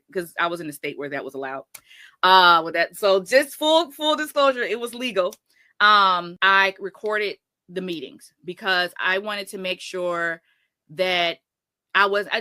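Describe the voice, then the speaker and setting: A woman's voice: lowish voice, pushed and bright, no echo. A woman teacher telling her story in a casual interview, rambling and often correcting herself. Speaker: teacher and guest.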